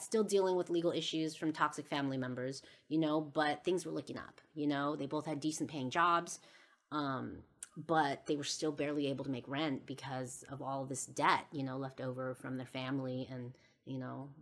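A woman hosting a podcast, telling a personal story in a rambling way with many fillers. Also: deep voice. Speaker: podcast host.

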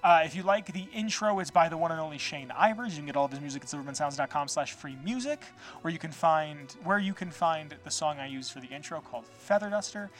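A man's voice: fairly high pitch, animated, fast, hardly any pauses, faint music behind. A man hosting a podcast, chatting casually and rambling loosely, with plenty of swearing and filler words. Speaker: podcast host. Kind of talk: casual solo podcast chat.

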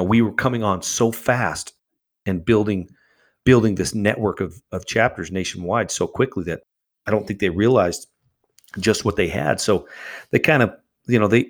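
A man telling a story as a guest in an interview, acting out the quoted exchanges with animated voices. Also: sits low. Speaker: charity founder, guest.

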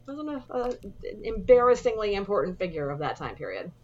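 A woman's voice: mid-range voice, big pitch swings, fairly quick, muffled recording. A woman co-hosting a casual movie podcast, rambling with lots of fillers and restarts. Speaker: podcast co-host. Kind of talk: casual movie review chat.

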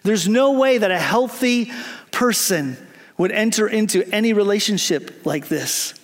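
A man's voice: high voice, lively intonation, measured pace, big-room sound. A male preacher telling a story in a sermon with a light, humorous delivery.

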